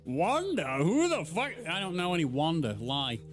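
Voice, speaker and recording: A man streaming a game playthrough, talking casually in a joking, excitable way. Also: high-pitched, moderate pace, faint music behind. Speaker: gaming streamer. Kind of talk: casual let's play commentary.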